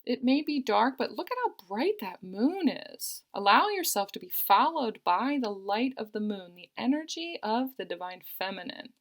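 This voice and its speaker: A woman's voice: on the high side, big pitch swings, moderate pace, hardly any pauses. A woman giving a tarot card reading, talking earnestly and reassuringly and often repeating her phrases. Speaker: tarot reader.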